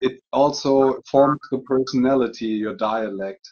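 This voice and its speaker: A man from Germany, speaking as a guest in a casual chat, measured and thoughtful. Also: medium pitch, darkish tone, breathy edge. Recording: dull lo-fi sound.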